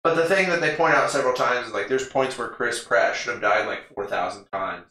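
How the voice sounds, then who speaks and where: A man's voice: medium pitch, a little fast, pushed and bright. Rambling man in an echoey room. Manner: rambling, laughing often, swearing casually. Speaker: podcast co-host. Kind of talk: casual movie recap chat.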